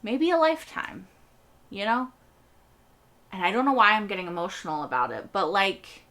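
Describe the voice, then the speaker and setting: A woman's voice: mid-range voice, animated, moderate pace, pauses often, a bit bright. A young woman hosting a TV reaction video, rambling earnestly in casual chat and laughing often.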